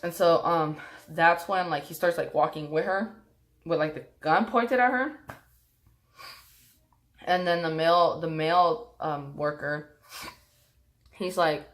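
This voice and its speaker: A woman's voice: deep voice, takes it slowly, pauses often. A young woman casually telling a personal story to her viewers, rambling with lots of fillers and restarts.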